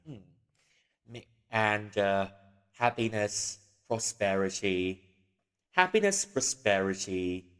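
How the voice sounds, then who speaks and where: A man hosting a casual livestream who rambles and giggles, with a long reverb on the recording. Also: lowish voice. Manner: rambling, giggly, full of fillers. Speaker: livestream host.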